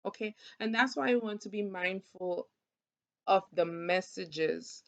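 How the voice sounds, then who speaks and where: Gravelly-voiced woman teaching wellness casually. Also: mid-range voice, measured pace. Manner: conversational, often checks in with "right?". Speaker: wellness vlogger. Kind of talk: casual teaching talk to camera.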